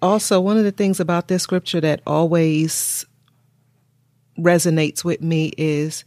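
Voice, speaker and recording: A woman's voice: deep voice, steady tone, measured pace, darkish tone, no echo, clean studio sound. A woman co-hosting a faith podcast, reflecting on scripture and reading the show's closing announcements. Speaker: podcast co-host. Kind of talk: faith-based podcast talk.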